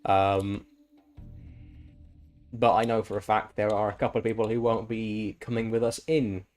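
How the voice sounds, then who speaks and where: A man's voice: on the low side, level tone, moderate pace, a little mellow, faint music behind. A man chatting casually and with enthusiasm while streaming a game, swearing freely. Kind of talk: casual chat while gaming.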